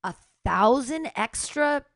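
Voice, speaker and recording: A woman co-hosting a podcast, telling stories in a lively, indignant way. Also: high-pitched, takes it slowly, creaky, no echo, clean studio sound. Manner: animated, indignant storytelling. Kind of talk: casual chat.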